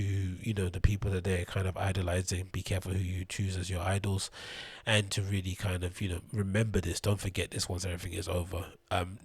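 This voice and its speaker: Husky low-voiced man ranting. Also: no echo. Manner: rambling, profane, scornful. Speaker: show host. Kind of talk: solo commentary rant.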